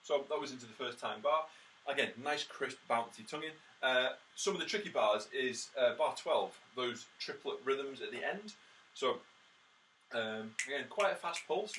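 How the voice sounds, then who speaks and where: A brass teacher with a medium-pitched voice, speaking at a normal speed, gives a tutorial full of practice tips, counting beats and voicing rhythms with spoken "ta" syllables. His manner is practical and encouraging, peppered with lots of "uh" and "um." The mic sits somewhat distant, picking up faint background noise.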